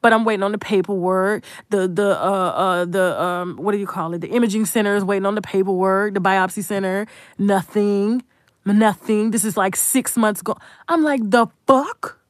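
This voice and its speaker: A woman's voice: mid-range voice, fairly even intonation, moderate pace, no room sound, clean studio sound. A young adult woman content creator giving a blunt, profane, emphatic commentary rant.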